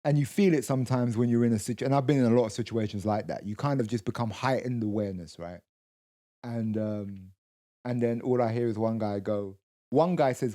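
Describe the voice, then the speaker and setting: A man's voice: mid-range voice, a little fast, dark tone. A man co-hosting a podcast, telling a long story with lots of restarts, quoted voices and swearing. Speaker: co-host. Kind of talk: casual storytelling chat.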